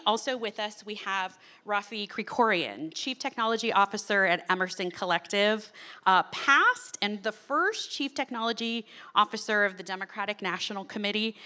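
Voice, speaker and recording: A woman's voice: mid-range voice, sharp tone. A woman moderating a conference panel on stage, chatty, with frequent ums and small laughs. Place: conference stage before an audience.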